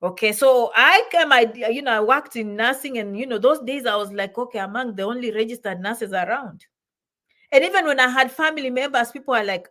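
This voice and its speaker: Woman, vlog advice-giver, somewhat high-pitched, emphatic and repetitive, code-switches into Swahili. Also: expressive, fairly quick, fairly bright tone. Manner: emphatic, repeats phrases for stress, mixes in Swahili words. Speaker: immigration advice vlogger. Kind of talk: motivational advice talk.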